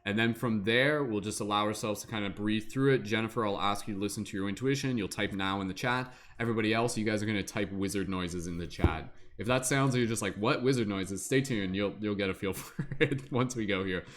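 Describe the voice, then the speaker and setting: A man hosting a tarot livestream in a casual chat, upbeat and quick, often dropping "like" into his speech. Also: lowish voice, slight background noise. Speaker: tarot reader and livestream host.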